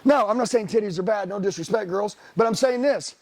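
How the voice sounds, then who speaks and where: A man's voice: high-pitched, a little fast, darkish tone. A middle-aged man giving a blunt, profane motivational sales seminar talk, firing rhetorical questions at the room. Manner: profane, blunt, hard-driving. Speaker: sales trainer.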